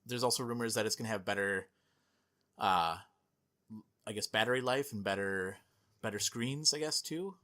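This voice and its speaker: A man's voice: fairly low pitch, moderate pace, long pauses, sharp tone. A man hosting a gaming podcast in casual chat, chatty and filler-heavy, laughing often. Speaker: podcast host.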